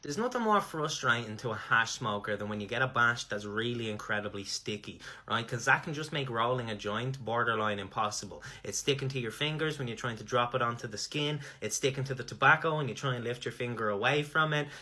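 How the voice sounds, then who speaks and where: A young man with an Irish accent and a bright, forceful voice delivers deadpan comic advice. He sounds mock-serious and swears casually as he goes. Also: mid-range voice, brisk, hardly any pauses. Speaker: comedy sketch creator.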